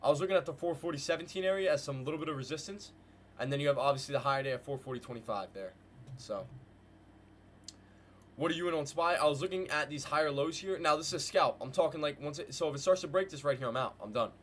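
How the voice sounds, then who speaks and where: Excitable man hyping live trades. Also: a little high, fast talker, a little hiss or hum. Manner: hyped, slangy, talks to chat with "guys" and "bro"; repeats phrases in bursts. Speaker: trading livestream host. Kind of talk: live market commentary. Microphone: desk mic with headphones.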